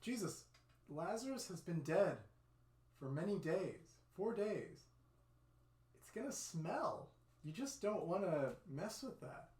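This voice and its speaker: A man's voice: sits high, big pitch swings, takes it slowly, darkish tone, pitched above the performer's own voice, full character voice. A man doing skeptical arguing disciples. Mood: warning. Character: doubtful group of disciples. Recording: roomy echo.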